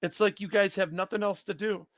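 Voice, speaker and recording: High-pitched guy with a gravelly edge, blunt and cussing, talking to his stream chat, dry close sound. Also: fairly even intonation, brisk, fairly bright tone, no echo. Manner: blunt, confrontational, swears freely. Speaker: livestreamer answering his chat. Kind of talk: casual livestream chat.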